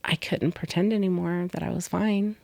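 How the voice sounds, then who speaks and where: A woman's voice: on the low side, steady tone, normal speed, gravelly, dry recording. A middle-aged woman co-hosting a podcast, candidly telling a personal story and sometimes dropping to a whisper. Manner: candid, soft-spoken, drops to whispers on painful moments. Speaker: podcast co-host.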